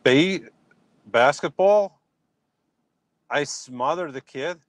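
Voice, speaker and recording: A man's voice: on the high side, very slow, no room sound. A man talking casually on a live stream from his phone, reacting and answering viewers' comments. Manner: animated, talks back to chat comments. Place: outdoors in a yard at dusk.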